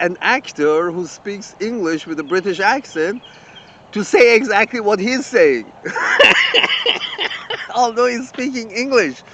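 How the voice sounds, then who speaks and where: A man with a high voice rants indignantly and swears freely, stumbling over words and restarting sentences. The audio sounds muffled, with faint traffic and vehicle noise from the street behind him. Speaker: channel host. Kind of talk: ranting open-letter monologue.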